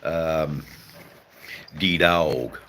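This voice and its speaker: Australian male streamer, low voice, unhurried and rambling, casual swearing. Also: sharp tone, slight background noise. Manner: laid-back, rambling, drawn-out fillers, swears casually. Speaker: livestream host chatting with viewers. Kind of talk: casual live chat.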